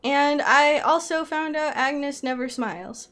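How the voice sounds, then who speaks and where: Giggly high-voiced woman streamer. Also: a little slow. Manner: giggly and excitable, squealing when delighted. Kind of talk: casual gameplay commentary.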